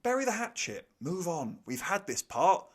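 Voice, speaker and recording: Young guy ranting about a movie, sarcastic, voice jumps all over, sits a bit high. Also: very animated, moderate pace, a bit bright. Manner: sarcastic, exasperated, swears freely. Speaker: film reviewer.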